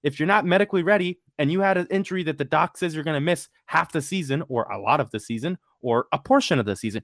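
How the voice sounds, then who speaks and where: A man's voice: a little high, fast talker, hardly any pauses, fairly bright tone, no room sound, clean studio sound. A man hosting a casual sports podcast, blunt and emphatic, swearing freely. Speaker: podcast host.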